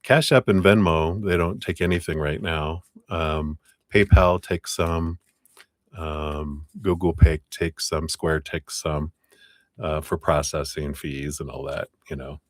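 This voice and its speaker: A man hosting a live tarot stream, greeting viewers by name, laughing often and muttering quiet asides. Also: very deep voice, steady tone, takes it slowly, no echo, clean studio sound. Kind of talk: casual live-stream chat.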